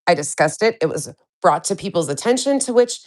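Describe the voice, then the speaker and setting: A woman with a stuffed-up nose from a cold talks on a live stream, low in pitch for a woman. She swears freely and vents bluntly, stopping to greet chat viewers by name. Her voice sounds dry and close, with no room echo. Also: lively intonation, brisk. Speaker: livestream host.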